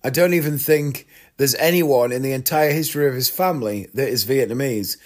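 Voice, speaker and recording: A man with an English accent, a magician and podcast host, telling comic stories in a wry, deadpan way. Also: medium pitch, brisk. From England. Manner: wry, deadpan storytelling with frequent laughs. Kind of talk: comic storytelling monologue.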